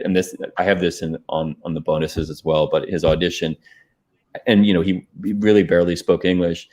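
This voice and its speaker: Deep voiced guy rambling about his movie on a video call, lots of ums. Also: little pitch movement, darkish tone. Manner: rambling, halting, with many fillers and restarts. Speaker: filmmaker discussing his film. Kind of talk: casual watch-party commentary.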